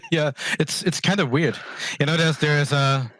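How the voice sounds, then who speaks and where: A man's voice: fairly high pitch, slow, fairly bright tone, slight background noise. A man from Germany, a podcast guest chatting casually, who laughs easily and restarts his sentences. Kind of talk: casual chat.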